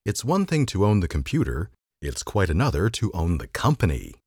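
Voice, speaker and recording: A very deep-voiced man with a husky, slightly breathy tone reads an old magazine article aloud as a podcast host. His pitch moves a lot, lending a dry, wry lilt to the text. The sound is close and dry, with no room around it. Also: sing-song, moderate pace, darkish tone, no room sound.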